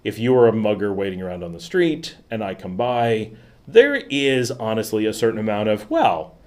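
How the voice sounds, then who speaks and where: A man's voice: fairly low pitch, very animated, moderate pace, darkish tone. A man hosting his own livestream, chatting casually and rambling, with many fillers and little laughs. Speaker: vlog host. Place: at home in the city.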